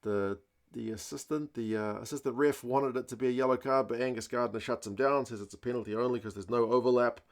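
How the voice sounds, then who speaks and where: A young man talking through a rugby match in a relaxed, chatty way. His voice sits at an ordinary middle pitch. He speaks casually, with filler words and bits of mild slang. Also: fast. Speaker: rugby channel host.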